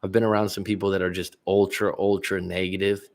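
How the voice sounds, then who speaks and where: A male coach talks off the cuff on a livestream, answering viewers' comments as they come. His voice sits on the low side, and he rambles, trips over words and starts again. He sounds like a relaxed middle-aged man speaking into a webcam. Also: quick pace. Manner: casual, rambling, many restarts, answers chat aloud. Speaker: relationship coach.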